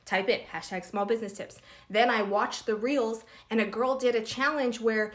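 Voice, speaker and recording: A woman's voice: on the high side, fairly even intonation, normal speed. A woman hosting a casual live stream for small business owners, talking bluntly and feistily, cursing freely. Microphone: phone or webcam live stream.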